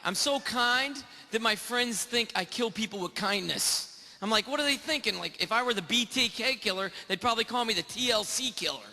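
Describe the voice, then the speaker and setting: A man's voice: high voice, normal speed, sharp tone. A man performing a stand-up comedy set on a club stage, self-mocking and acting out the voices in his jokes. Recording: long reverb of a club hall.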